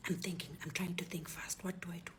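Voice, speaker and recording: A middle-aged woman with a South African accent gives personal testimony, speaking in a hushed, often near-whispered way and restarting her words as she goes. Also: lowish voice, little pitch movement, fast talker. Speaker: interviewee recounting a robbery.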